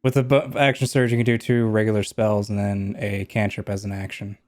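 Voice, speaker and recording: A man's voice: fairly low pitch, little pitch movement, a little fast, a little mellow. A man running a tabletop game as game master, making matter-of-fact rules calls.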